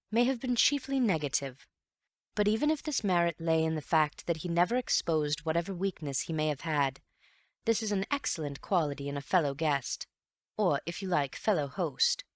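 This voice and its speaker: Low-voiced woman reading an audiobook. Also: no echo. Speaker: audiobook narrator. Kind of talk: scripted audiobook narration.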